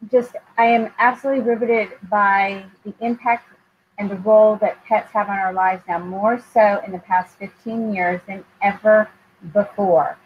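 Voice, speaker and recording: A woman's voice: medium pitch, fairly even intonation, normal speed. Woman host, candid and emotional, hesitant with fillers; muffled recording, faint noise. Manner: candid and heartfelt, with frequent ums. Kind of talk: live interview chat. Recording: dull lo-fi sound with faint noise.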